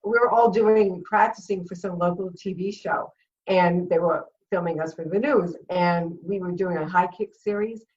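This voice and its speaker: A woman's voice: fairly low pitch, moderate pace, distant mic, lo-fi sound. A middle-aged woman with a Rhode Island accent, a guest on a video chat show, telling a story with lots of laughs and acted-out quotes. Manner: animated storyteller, laughs often, acts out quotes. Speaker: guest, comedian and former cheerleader.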